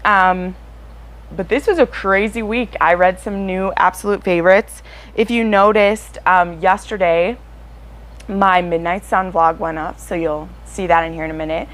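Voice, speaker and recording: A young woman talks to camera about her reading in a loose, chatty way. Her voice sits a little on the low side, and she bubbles with eager energy, padding her sentences with plenty of fillers. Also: unhurried, poor audio. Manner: chatty and excitable, with frequent fillers. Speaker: book vlogger. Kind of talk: casual chat to camera.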